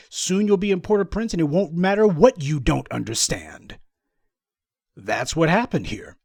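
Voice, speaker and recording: Sarcastic man, higher voice, dry sound. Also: animated, normal speed, no room sound. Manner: sarcastic, mocking, acts out voices of others. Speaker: political commentator. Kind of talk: monologue commentary on news clips.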